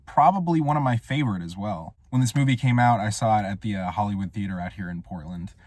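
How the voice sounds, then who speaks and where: A man giving a casual, rambling film review monologue with wry, deadpan humor. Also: lowish voice, fast, dry recording. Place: Portland area.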